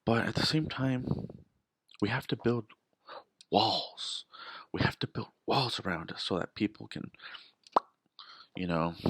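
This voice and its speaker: Low gravelly man rambling on camera. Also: a bit bright, dry recording. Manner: rambling, restarts, emphatic rhetorical questions. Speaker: vlogger. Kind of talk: casual storytelling monologue.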